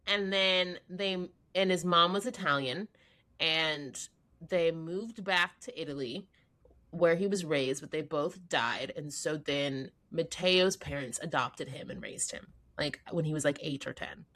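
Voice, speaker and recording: A young adult woman co-hosting a podcast, casually reviewing a movie and retelling scenes with lively quoted lines. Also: low voice, a little slow. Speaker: podcast co-host.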